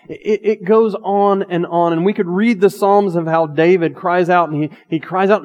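A pastor delivering a sermon, reading scripture slowly and shifting between loud emphatic lines and hushed asides. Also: male voice, high voice, steady tone. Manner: reads scripture aloud slowly and earnestly. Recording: long reverb of a large hall.

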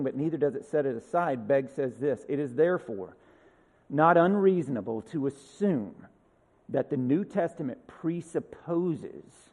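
A man's voice: mid-range voice, a little mellow, long reverb tail. A male pastor preaching a sermon in a conversational way, with asides and rhetorical questions.

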